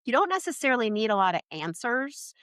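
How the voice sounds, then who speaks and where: Lively, chatty woman giving parenting advice. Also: on the high side, quick pace, no room sound, clean studio sound. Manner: animated, many "like"s and "right?"s. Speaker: podcast guest, parenting advice. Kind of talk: casual interview conversation.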